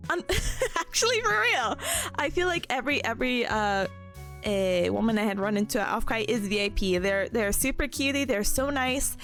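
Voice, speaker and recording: A woman's voice: a little high, moderate pace. A young woman streamer chatting casually with her viewers, laughing often. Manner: giggly, animated, laughing often. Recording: faint music behind.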